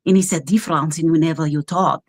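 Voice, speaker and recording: A woman who works as a background actor, telling stories in an animated, chatty way as a talk-show guest, often laughing. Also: low voice, fast talker. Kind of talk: casual storytelling chat.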